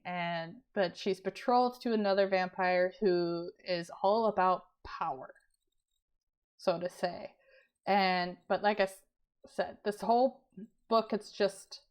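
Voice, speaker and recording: A young woman chatting casually about books she has read, laughing often and clearing her throat as she loses her voice. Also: medium pitch. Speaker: book vlogger. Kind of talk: casual book review chat.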